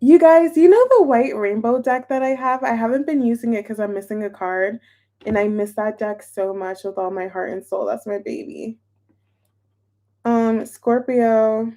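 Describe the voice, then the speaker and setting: A woman's voice: fairly high pitch, steady tone, normal speed, mellow. A young woman chatting casually on a live stream as a tarot reader, bubbly and chatty and greeting viewers by name. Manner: chatty, bubbly, reads chat names aloud.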